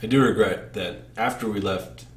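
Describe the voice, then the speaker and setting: A man's voice: fairly low pitch, normal speed, roomy sound. A man chatting casually as a podcast guest, easygoing and amused. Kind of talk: casual chat.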